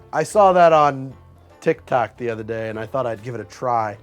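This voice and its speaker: A man hosting a cocktail show, reviewing bad drinks with theatrical disgust and deadpan asides. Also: mid-range voice, unhurried, faint music behind.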